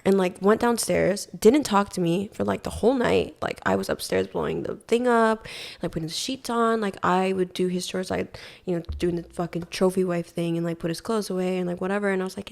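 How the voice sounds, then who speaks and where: Woman from hawaii spilling a story on a podcast, says like a lot, swears, bit of vocal fry. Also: on the low side, fairly quick, a little mellow. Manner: chatty, heavy use of "like", swears often. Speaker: podcast guest. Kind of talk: casual storytelling.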